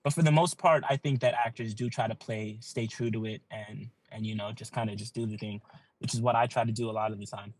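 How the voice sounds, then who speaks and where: A man's voice: lowish voice, steady tone, fairly quick, a little mellow, low-quality recording. Earnest young man telling a story. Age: young adult. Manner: earnest storytelling, many likes and you-knows. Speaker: guest actor. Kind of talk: casual podcast chat.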